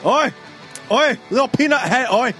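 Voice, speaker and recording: A man's voice: very high-pitched, lively intonation, moderate pace, bright, forceful tone, faint music behind, full character voice. A man doing a comic impression of a crude Irish woman wrestler in a shaky put-on Irish accent, blurting "oi" and "hello" over and over. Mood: silly. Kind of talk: comedic impression.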